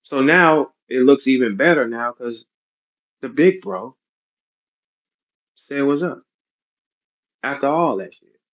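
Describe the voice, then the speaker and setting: A man's voice: mid-range voice, slow pace, pauses often. A man ranting bluntly in a heated podcast, heavy with profanity and street slang, explaining a business dispute. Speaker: battle rap league owner. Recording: dull lo-fi audio.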